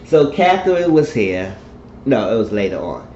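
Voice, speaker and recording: Low-voiced man rambling through a recap. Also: sing-song, normal speed, a little mellow, a little hiss or hum. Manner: rambling retelling that acts out the characters' lines in shifting voices. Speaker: TV show reviewer. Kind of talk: casual episode recap. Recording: dull, echoey room recording.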